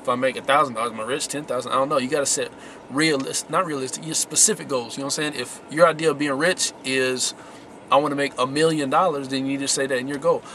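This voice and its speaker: A man's voice: medium pitch, steady tone, quick pace, sharp tone, slight background noise. A man giving casual motivational tips to his viewers, slangy and emphatic, repeating his key words. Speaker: vlogger giving success tips. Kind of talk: casual motivational talk to camera.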